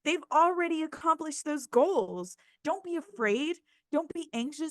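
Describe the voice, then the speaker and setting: A woman co-hosting a podcast in casual chat, excited and emphatic, swearing freely. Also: high voice, unhurried, no echo. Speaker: podcast co-host.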